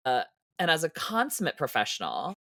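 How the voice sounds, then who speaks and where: A man's voice: a little high, huge pitch swings, a little fast, fairly bright tone, no echo, studio quality. A man from Canada who performs in drag, guesting on a podcast and telling stories in a camp, theatrical way with self-mocking boasts. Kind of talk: casual podcast chat, storytelling.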